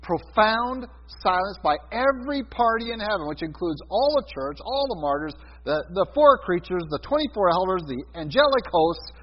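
A man preaching a sermon on prophecy, talking with many fillers, sometimes loud and sometimes soft. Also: high voice, animated, moderate pace, hardly any pauses, slightly rough. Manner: conversational teaching with many fillers and swings in loudness. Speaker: Bible teacher. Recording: dull sound with a long hall reverb.

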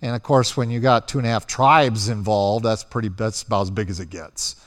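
A man preaching a sermon, telling the story with animated delivery and acting out quotes as he goes. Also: on the low side, brisk, long reverb tail.

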